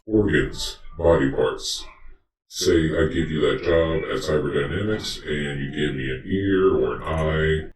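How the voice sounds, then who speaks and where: A man voicing a creepy male fairy who calmly and persuasively offers wishes in exchange for organs. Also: extremely low pitch, a little slow, echoey room, background noise. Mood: coaxing. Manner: calm, persuasive, matter-of-fact.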